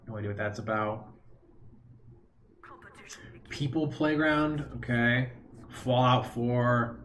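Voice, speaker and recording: A man's voice: medium pitch, slight background noise. Male streamer, mid-range voice, rambling casual chatter with sarcastic jabs. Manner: rambling, chatty, mocking asides. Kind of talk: casual gaming stream chat.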